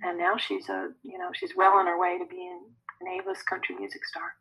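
A woman who works as an energy healer, answering podcast interview questions in a chatty, animated way. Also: fairly low pitch, a little fast, slightly rough, low-quality recording. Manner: animated, conversational, laughs often.

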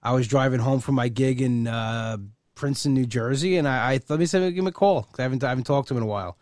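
A man's voice: medium pitch, quick pace, a little mellow, no echo, studio quality. Rambling podcast host guy. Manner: rambling, repeats words, laughs often. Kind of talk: casual chat.

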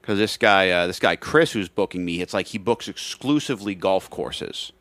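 Deep-voiced man rambling through a story. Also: lively intonation, normal speed, a bit bright, no room sound. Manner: rambling storyteller, restarts and acts out quotes. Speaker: comedian podcast co-host. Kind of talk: casual chat.

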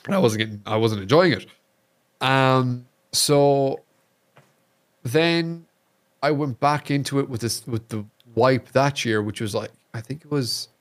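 An Irish man, a streamer guest on a podcast, chatting casually and telling animated stories, swearing freely. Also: medium pitch, unhurried. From Ireland. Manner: animated storyteller, swears freely, acts out quotes.

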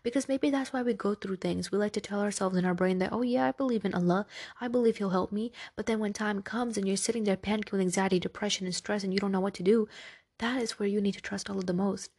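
A woman's voice: mid-range voice, fairly even intonation, fast talker, darkish tone, slightly rough. A woman hosting a podcast, talking in a casual, earnest and reassuring way that often checks in with "right?". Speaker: podcast host. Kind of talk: casual religious podcast talk.

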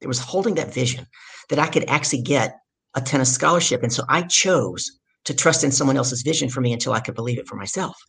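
A middle-aged woman from the States, telling her story as a guest in an energetic, emphatic way. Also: rumbling low, fast talker, vocal fry, husky. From southern United States. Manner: energetic, emphatic storyteller who acts out quotes. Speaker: guest, business speaker. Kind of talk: storytelling in a conversation.

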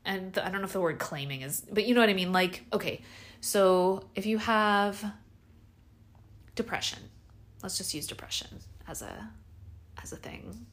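A woman's voice: medium pitch, normal speed, long pauses. A young adult woman hosting a podcast, talking casually and animatedly with lots of fillers and restarts. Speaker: podcast host.

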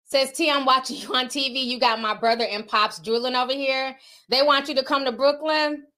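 A woman's voice: high-pitched, fairly even intonation, brisk, pushed and bright. A woman livestreamer reading out viewer donations in a casual, candid and outspoken way.

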